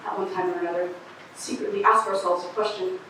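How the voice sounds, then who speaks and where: A young woman acting on stage as an eccentric street bag lady who talks about aliens, with a raspy voice and a rambling, confiding manner. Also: medium pitch, fairly even intonation, fast, a bit bright, a little hiss or hum, natural voice. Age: teenager. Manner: rambling, confiding, pointing out the audience. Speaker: student actor. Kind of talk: stage monologue. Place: camp theater stage. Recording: echoey hall from far off.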